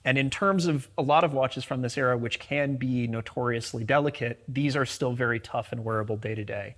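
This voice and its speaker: A man's voice: mid-range voice, a little fast, fairly bright tone. Knowledgeable man explaining vintage watches. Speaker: guest watch specialist. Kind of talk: casual conversation.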